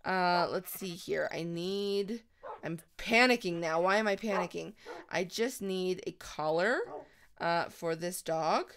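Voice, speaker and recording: A woman hosting a let's-play, chatting casually through her game and talking sweetly to her in-game pets, with sudden excited shrieks. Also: on the low side, takes it slowly, slight background noise. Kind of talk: casual gameplay commentary.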